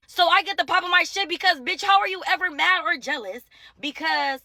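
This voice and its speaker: A woman's voice: very high voice, gravelly, pushed and bright, dry recording. A young woman from Ohio telling a blunt, profane storytime in a casual monologue. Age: young adult. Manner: profane, blunt, fast-talking.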